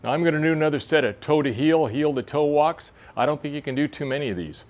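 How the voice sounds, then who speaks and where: A man's voice: fairly high pitch, fast, darkish tone. Older man coaching exercises aloud. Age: 60s. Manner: plain-spoken, coaching while demonstrating exercises. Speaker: fitness instructor for fly fishers. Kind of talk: casual instructional demo. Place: outdoor covered veranda in a park.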